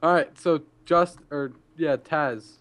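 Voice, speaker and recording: A man's voice: on the high side, slow pace, a bit bright. A young man playing a multiplayer game with friends, giggly and teasing. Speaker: co-player. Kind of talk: casual gaming chat.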